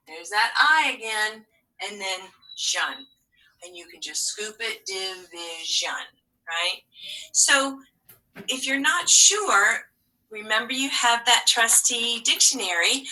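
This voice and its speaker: A woman teacher walks children through a spelling lesson, speaking slowly and encouragingly. Her voice is very bright, and she often drops to a near whisper. She sounds set back from the microphone. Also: mid-range voice, distant mic, rough recording. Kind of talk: remote phonics lesson.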